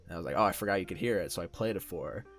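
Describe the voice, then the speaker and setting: A young man co-hosting a podcast, telling an animated story in casual chat and swearing freely. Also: low-pitched, racing, soft background music. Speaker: podcast co-host.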